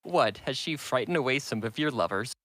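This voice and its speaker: A man's voice: mid-range voice, expressive, brisk, a bit bright, natural voice, poor audio. A man reading the part of a dry, teasing middle-aged father in an audiobook, in a wry way.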